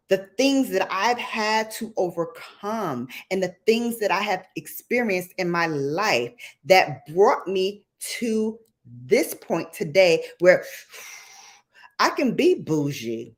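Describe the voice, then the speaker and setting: Slow, lively-pitched woman hosting a stream. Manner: animated, sassy, jumps to squeals. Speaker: livestream host. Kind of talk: casual livestream chat.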